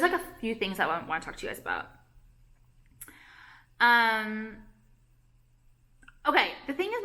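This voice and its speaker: Bright-voiced rambling young woman vlogger. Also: medium pitch. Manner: rambling, self-interrupting, heavy use of "like", anxious. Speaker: vlogger and jewelry designer. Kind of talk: casual rambling chat to camera.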